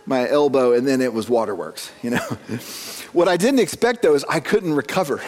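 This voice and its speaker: A man's voice: mid-range voice, expressive, moderate pace, darkish tone. A man in his forties, a pastor, preaching a conversational sermon to a church congregation, telling stories with self-deprecating chuckles and often repeating words as he starts a phrase. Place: church sanctuary.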